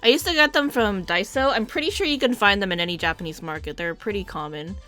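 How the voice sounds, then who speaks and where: A woman's voice: mid-range voice, fast talker, pushed and bright, soft background music. A young woman streaming a game, chatting casually and animatedly, swearing now and then.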